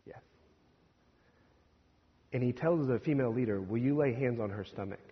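A Presbyterian minister telling a story in a sermon, animated and acting out what others said, with hesitant restarts. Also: male voice, medium pitch, normal speed, breathy edge. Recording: distant reverberant hall, dull lo-fi sound.

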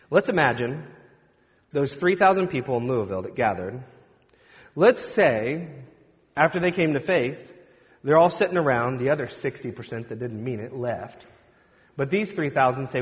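A man's voice: mid-range voice, expressive, moderate pace, long pauses. Male pastor preaching in a reverberant hall. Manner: conversational, joking, acts out crowd voices. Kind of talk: sermon. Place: church sanctuary. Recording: dull sound with long hall reverb.

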